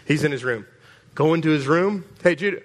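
A man preaching a storytelling sermon, animated, stumbling over repeated words and calling out to the congregation. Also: on the high side, brisk. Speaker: pastor.

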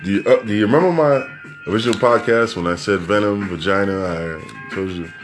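A man's voice: lowish voice, fairly quick, over music. A man hosting a podcast, riffing brashly and rambling through news stories with constant swearing. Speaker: podcast host. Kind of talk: profane news commentary podcast.

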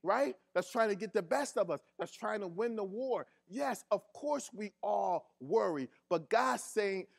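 A man's voice: high voice, animated, measured pace, creaky, few pauses, breathy edge. A man preaching a sermon as pastor, repeating his key phrases and drawing responses from the congregation in casual, colloquial speech.

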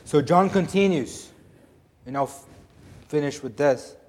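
A man preaching a sermon, emphatic, swinging between loud declarations and hushed asides. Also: a little high, unhurried. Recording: long hall reverb.

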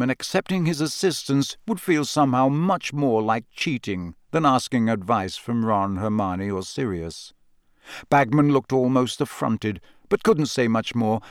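A man narrating a storybook in a lively, expressive way on a close studio mic. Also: medium pitch, dry recording. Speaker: audiobook narrator.

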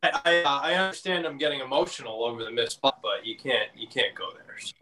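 A man's voice: medium pitch, steady tone, fast talker, pushed and bright, soft background music, low-quality recording. A man co-hosting a casual podcast, speaking with hesitations and fillers. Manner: chatty, hesitant, filler-laden. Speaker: podcast co-host. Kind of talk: casual chat.

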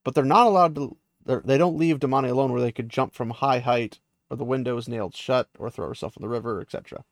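A man's voice: mid-range voice, fast talker, dry recording, close to an everyday voice. A man paraphrasing the lines of a grim, resigned young captive woman, in a voice close to his own.

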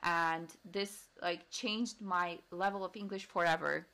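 A woman's voice: fairly low pitch, measured pace. Woman chatting casually about studies. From Poland. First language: Polish. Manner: chatty, self-correcting, relaxed storytelling. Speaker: guest. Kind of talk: casual chat.

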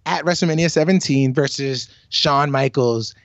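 A man co-hosting a podcast in casual chat, excitable, swearing freely and restarting his sentences. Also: on the high side, normal speed, no echo, dull audio. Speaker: podcast co-host.

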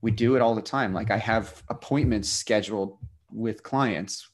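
A man co-hosting a podcast in casual chat, relaxed, laughing often and trailing off quietly. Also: on the low side, moderate pace. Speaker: podcast co-host.

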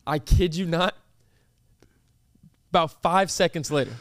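Young man with a high voice, dry. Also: measured pace, no room sound. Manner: animated, lots of fillers. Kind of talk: casual storytelling.

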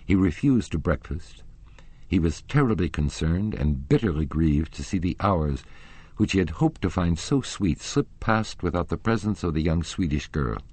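A man reads a classic novel aloud in a measured, expressive way. His voice is very low and husky, and his pitch moves widely. The recording is close and dry. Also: no room sound. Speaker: narrator. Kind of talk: audiobook reading of a classic novel.

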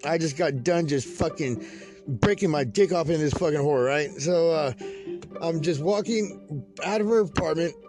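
A man from California's Central Valley with a high voice tells a rambling story packed with swearing. He laughs at his own tale as he goes. Faint music plays under him. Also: normal speed. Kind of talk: casual profane storytelling monologue.

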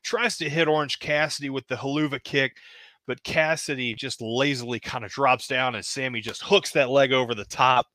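A man narrates a toy wrestling show play-by-play in an easy, casual way and gets excited at the pin counts. His voice is bright and forceful. The sound is dry and close. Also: mid-range voice, moderate pace, dry recording. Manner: casual, hedging with "kinda", excited at pinfalls.

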